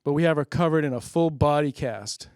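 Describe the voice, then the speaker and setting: A man's voice: a little high, fairly quick, a little mellow, smooth, dry recording, clean studio sound. Rambling, self-mocking comedy host, man. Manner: self-deprecating, laughs at own jokes, checks if jokes land; loose, rambling, many fillers. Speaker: host of a public-access comedy show. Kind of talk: rambling comic monologue.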